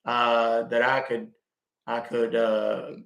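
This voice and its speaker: A man playing a confused customer on a phone call, talking slowly and haltingly with many fillers. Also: mid-range voice, monotone, gravelly, a bit bright. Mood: feigned confusion. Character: slow, hesitant male caller posing as a confused customer. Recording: roomy echo.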